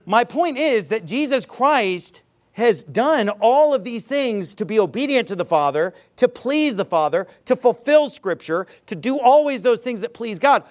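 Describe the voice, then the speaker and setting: A man preaching a sermon, quoting scripture and driving his points home through emphatic repetition and rhetorical questions. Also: extremely high pitch. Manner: animated, emphatic, repeats phrases for emphasis; calls a congregation member up for a live illustration. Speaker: pastor.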